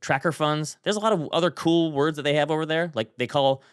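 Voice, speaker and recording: A man co-hosting a podcast, telling stories in animated, chatty banter. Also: on the high side, a little fast, smooth, no room sound, studio quality. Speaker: podcast co-host. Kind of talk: casual chat.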